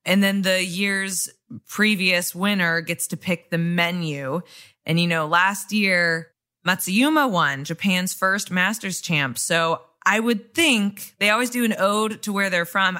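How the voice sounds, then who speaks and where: A woman's voice: mid-range voice, a little slow, pushed and bright. A woman from the American Midwest hosting a podcast in easygoing casual chat, laughing often. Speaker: podcast host.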